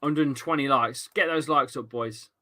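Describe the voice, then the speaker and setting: A man's voice: mid-range voice, moderate pace, sharp tone. A young man streaming a football watchalong, chatting casually, reading out viewer comments and swearing now and then. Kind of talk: live match watchalong commentary.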